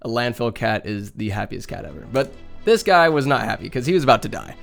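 A man's voice: mid-range voice, big pitch swings, brisk, creaky, soft background music. A young man from Northern California telling rambling, chatty cat stories at home, swearing and laughing along the way. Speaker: vlogger. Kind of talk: casual rambling storytelling. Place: home room with a bookcase.

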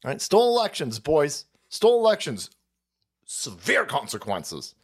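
A man hosts his own livestream, tearing into the news in a foul-mouthed, mocking rant. His voice sits a little high and swings widely up and down as he laughs his way through it. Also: huge pitch swings, normal speed, slightly rough. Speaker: livestream host. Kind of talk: profane political rant on a livestream.

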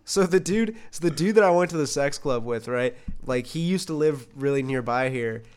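A man's voice: mid-range voice, lively intonation, moderate pace, clear, resonant tone. Young man, podcast co-host, casual chat, rambling, profane, mid-range voice. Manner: rambling, profane, laughing storyteller. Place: Los Angeles.

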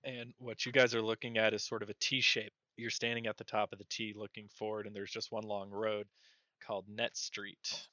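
A man narrating a tabletop game as game master in a relaxed, rambling way with fillers. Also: fairly low pitch, a little fast, dry recording, dull audio.

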